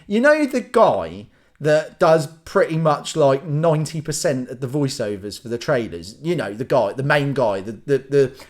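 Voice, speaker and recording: A man's voice: mid-range voice, sing-song, moderate pace. A young man ranting casually in a solo vlog, rambling and acting out little scenes in silly voices. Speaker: vlogger.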